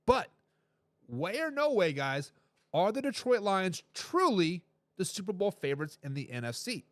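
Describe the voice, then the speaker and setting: A man's voice: high-pitched, very animated, normal speed, dry recording. A man hosting a sports talk show, emphatic and repeating phrases to drive his points home. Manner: reads viewer comments aloud with a laugh.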